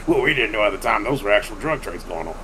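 Talking fast in a fairly low voice, a podcast host spins a long, profane story in a casual, animated way, voicing the people he quotes. The audio is low quality, carrying a slight hiss or hum.

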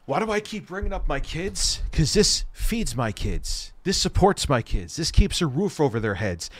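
A man hosting a livestream, ranting angrily with lots of profanity and sudden bursts of shouting, and he says he is stoned. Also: a little high, very animated, normal speed, dry recording. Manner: profane, angry, shouting at times. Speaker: livestream host. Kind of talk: heated livestream rant.

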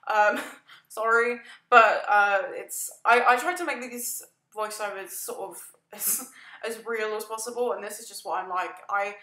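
A woman's voice: mid-range voice, measured pace, bright, forceful tone. A woman chatting through a casual voice-over, rambling and self-deprecating, laughing and yawning often. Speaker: gaming video creator narrating a build. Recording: echoey room.

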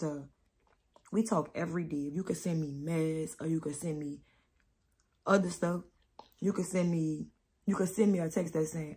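New mom vlogging, low husky voice, rambling and candid. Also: female voice, mellow. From New Orleans. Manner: candid, rambling, slow with many pauses. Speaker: vlogger, mother. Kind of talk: emotional casual vlog talk.

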